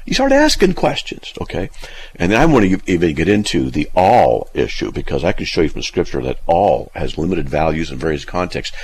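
Gravelly, lively-voiced male radio host. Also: low-pitched, moderate pace. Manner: animated, laughs often, acts out quoted people; argumentative, asks rhetorical questions. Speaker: radio show host answering listener emails. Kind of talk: casual talk radio.

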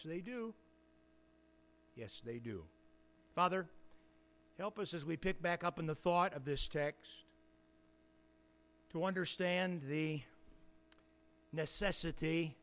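A man preaching an expository sermon, reading scripture slowly with emphatic pauses, and a faint hum in the recording. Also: fairly high pitch. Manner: slow, deliberate, emphatic reading with dramatic pauses. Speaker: pastor.

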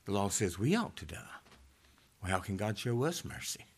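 A man preaching a sermon, reading scripture and rising to loud emphatic peaks before dropping low again. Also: sing-song, normal speed, slightly rough.

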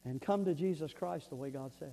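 A man preaches from the pulpit in an earnest, storytelling way. His voice sits high, and he often doubles back on words as he builds a point. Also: fairly quick, creaky, mellow, rough recording. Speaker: pastor. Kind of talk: sermon.

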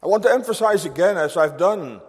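A man preaching a sermon to his congregation, slow and emphatic, reading scripture solemnly. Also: high-pitched, expressive. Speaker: pastor. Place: church sanctuary. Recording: long reverb of a church hall.

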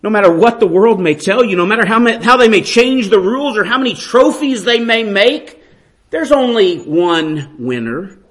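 A middle-aged male preacher with a fairly high voice delivers a sermon. He swings from near-whispers to ringing peaks and keeps asking his listeners pointed questions. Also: expressive, moderate pace. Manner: dramatic swings from hushed to loud.

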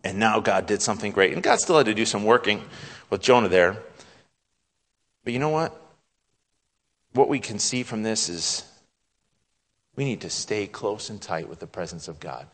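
A man delivering a sermon in a church, his voice ringing with a long reverb. He swings from loud, climbing exclamations down to soft, hushed passages. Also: normal speed, pauses often. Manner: dramatic, acts out God's lines with rising pitch and volume; drops to a hushed, soft tone at solemn points. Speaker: preacher.

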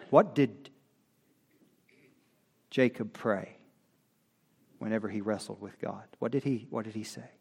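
A man preaching a sermon as pastor, reading scripture and rising to loud, impassioned cries. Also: on the low side, gravelly. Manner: slow, building to loud impassioned cries when quoting scripture.

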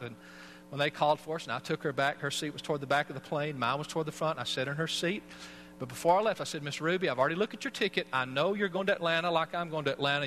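A man's voice: a little high, bright, forceful tone, slight background noise. A man, a pastor, preaching a sermon and telling a personal story in an earnest way. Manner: earnest storytelling, acts out voices.

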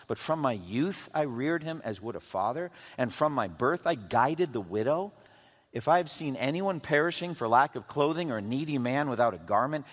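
A man preaching a sermon at a middle pitch, his voice carried through a large hall with a long echo. He reads scripture aloud with emphasis and presses his listeners with questions. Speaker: pastor. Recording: reverberant hall, voice from a distance.

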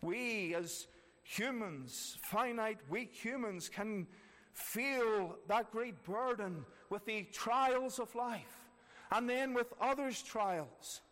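High-voiced preacher in an echoing hall. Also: male voice, slow, fairly bright tone. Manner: earnest, repeats key phrases for emphasis. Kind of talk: sermon. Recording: long reverb of a large hall.

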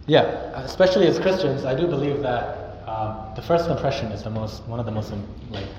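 A man's voice: medium pitch, brisk, darkish tone. A young man preaching a sermon in an earnest, conversational way, now and then acting out sample greetings. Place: church hall. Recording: echoey, dull hall recording with noise.

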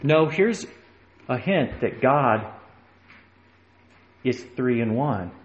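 A man's voice: mid-range voice, lively intonation, slow, pauses often, lo-fi sound, a little hiss or hum. A man preaching a sermon, emphatic and rising in force when he quotes scripture. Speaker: pastor. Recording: echoey room.

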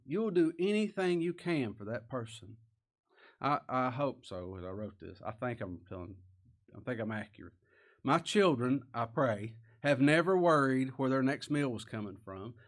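A man preaching a sermon, swinging between quiet stresses and raised, impassioned emphasis. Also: medium pitch. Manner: impassioned, rising and falling emphasis. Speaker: pastor.

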